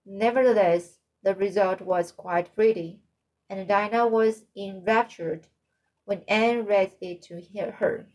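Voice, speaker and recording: A woman reading a novel aloud as audiobook narrator, halting with frequent slips and restarts. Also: mid-range voice, steady tone, a little mellow, rough recording.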